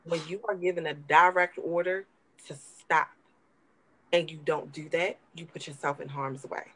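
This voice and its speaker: A woman's voice: low-pitched, steady tone, moderate pace, sharp tone, rough recording. A woman co-hosting a talk show, giving impassioned, emphatic commentary and repeating words for emphasis while emotional.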